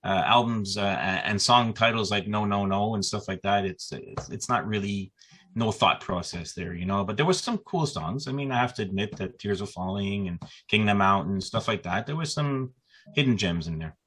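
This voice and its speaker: A man's voice: on the low side, moderate pace, fairly bright tone. A man speaking as a panel guest on a podcast, talking casually and often repeating words as he starts a sentence.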